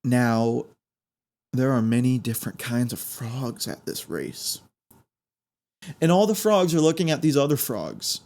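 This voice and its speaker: A man hosting a podcast, telling a story in an animated way that builds suspense. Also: medium pitch, a little slow, long pauses. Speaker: podcast host.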